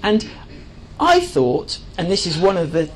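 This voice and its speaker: A man's voice: high voice, huge pitch swings, a little slow, crowd noise, poor audio. A man giving an enthusiastic presentation to a live audience, chatty and full of fillers and restarts. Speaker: speaker at a live talk.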